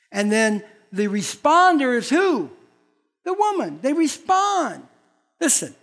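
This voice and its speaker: A man's voice: high-pitched, fairly bright tone. An older man, a pastor, preaching a sermon in a folksy, blunt manner and acting out quoted voices.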